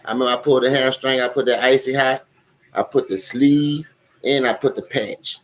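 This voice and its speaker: A man's voice: medium pitch, fairly even intonation, normal speed. A young man with a New Orleans accent, ranting profanely and animatedly about football as a live-stream host, speaking straight to his viewers. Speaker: sports commentary host.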